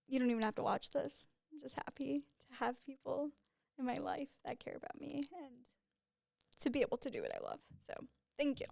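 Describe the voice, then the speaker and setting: A young woman hosts her own podcast in a casual solo monologue, speaking candidly and chattily with lots of "like" fillers and laughter. Her voice sits high and creaky. The recording is dry, with clean studio sound.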